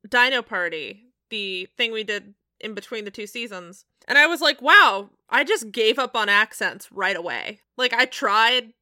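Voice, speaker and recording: A young woman with a bright, sharp voice set a little high chats as a player on a tabletop game podcast. She talks bluntly and jokes, swearing freely. The sound is dry and close. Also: expressive, normal speed, hardly any pauses, no room sound. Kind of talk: casual chat.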